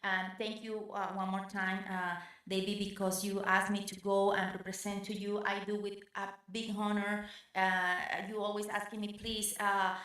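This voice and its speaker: A woman with a Bolivian Spanish accent hosts a casual interview, working through her English with halting phrasing and many fillers. Her pitch is ordinary for a woman. A heavy echo hangs on her voice, as if the room is bare. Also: level tone, fairly bright tone. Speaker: host. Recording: very echoey room.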